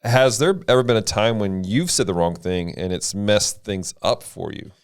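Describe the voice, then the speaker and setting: A man who is a pastor, explaining scripture and asking questions in a relaxed discussion. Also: fairly low pitch, normal speed, clean tone. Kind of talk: casual discussion.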